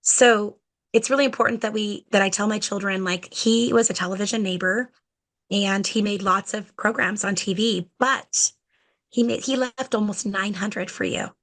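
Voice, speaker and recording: A woman guest on a podcast, an educator telling stories in a chatty, animated way and acting out talks with children, with plenty of "like" and "you know". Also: medium pitch, normal speed. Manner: animated, acts out conversations with children. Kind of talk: podcast interview storytelling.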